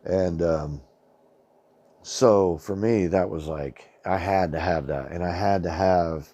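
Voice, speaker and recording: A man's voice: deep voice, slow, mellow, no echo. A middle-aged man telling a personal story in a rambling, colloquial way, swearing freely and often saying "man". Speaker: channel host. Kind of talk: casual storytelling monologue.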